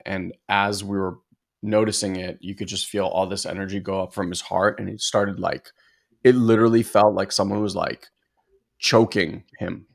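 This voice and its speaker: A man's voice: sits low, little pitch movement, normal speed, gravelly. A man co-hosting a podcast, telling a personal story as a father in an earnest, reflective way, full of filler words. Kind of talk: casual conversational storytelling.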